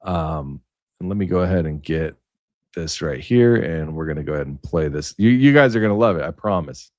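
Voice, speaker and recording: A man's voice: extremely low pitch, animated, fairly quick, darkish tone, no room sound, studio quality. A man hosting a casual livestream, telling stories in a rambling way with many fillers. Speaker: livestream host.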